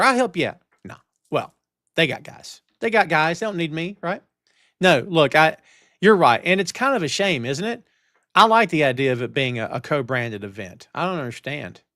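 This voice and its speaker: Brief: middle-aged male stream host, fired-up casual chat, high voice, dry close mic. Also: dry recording. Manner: animated, ranting, talks straight to the chat. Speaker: wrestling show host. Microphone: headphones and studio mic.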